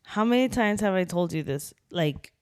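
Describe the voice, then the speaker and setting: A woman chatting casually on a podcast with her husband. She tells stories expressively and teases him, her voice at a medium pitch for a woman. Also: moderate pace, smooth, no room sound, clean studio sound. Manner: expressive, laughing, teasing. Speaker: podcast co-host. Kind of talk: casual chat.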